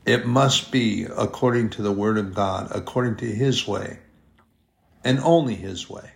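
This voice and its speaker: A man preaching a sermon, slow and deliberate, drawing out his emphatic phrases. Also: fairly low pitch, vocal fry.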